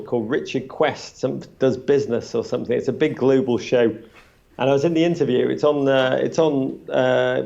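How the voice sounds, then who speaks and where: A man's voice: medium pitch, creaky, a little mellow, highs cut off. A man who makes a podcast, telling chatty stories to a live audience, full of restarts and acted-out quotes. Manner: chatty, many restarts, acts out quotes with a raised voice. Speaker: podcast creator on a live panel. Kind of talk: animated storytelling at a live event. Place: small event space before a live audience.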